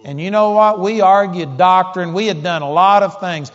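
Man, storytelling preacher, fairly high voice, dull muffled sound. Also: normal speed. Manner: storytelling, emphatic and conversational. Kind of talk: sermon. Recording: dull audio in a large hall with long reverb.

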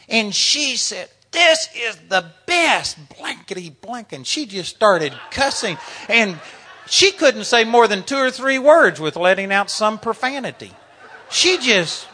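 Bright high-voiced preacher in his sixties. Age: 60s. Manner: animated storytelling, laughing through anecdotes. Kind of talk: sermon.

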